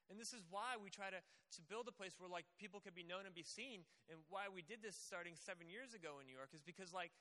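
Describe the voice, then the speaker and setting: Bright-voiced young pastor, echoing hall. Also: male voice, high voice. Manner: conversational, acts out quoted voices. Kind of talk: casual sermon. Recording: long hall reverb.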